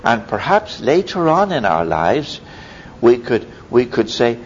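A man preaching a sermon, telling stories in a lively way with sudden high exclamations. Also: slow, long pauses. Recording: dull lo-fi recording with faint rumble.

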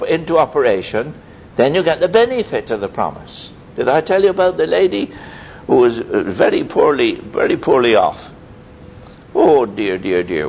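A man preaching a sermon, telling stories in a lively way with sudden high exclamations. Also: vocal fry. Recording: dull lo-fi recording with faint rumble.

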